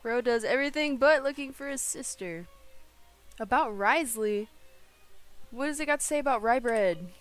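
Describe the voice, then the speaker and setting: A woman's voice: a little high, animated, normal speed, pauses often, faint music behind. A young adult woman streaming a game, chatting casually and giggling often, with a slangy manner. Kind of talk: casual gameplay commentary.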